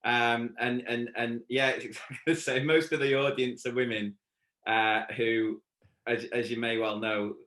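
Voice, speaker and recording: A man's voice: mid-range voice, level tone, a little slow, fairly bright tone, echoey room. A man with a British accent co-hosting a podcast in easygoing casual chat, laughing often. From United Kingdom. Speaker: podcast co-host.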